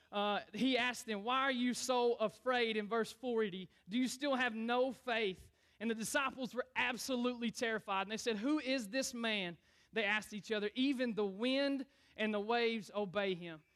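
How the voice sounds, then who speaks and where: A young man, a youth pastor preaching a lively sermon in church and calling on the congregation to answer back. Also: very high-pitched. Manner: energetic, calls on the crowd to respond.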